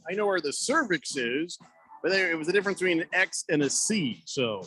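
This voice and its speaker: A man's voice: high voice, lively intonation, fairly quick, bright, forceful tone. A man hosting a sports radio show in a loose, joking way, a little out of breath, rambling and restarting as he tells a story. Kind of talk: casual sports radio talk. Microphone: studio microphone.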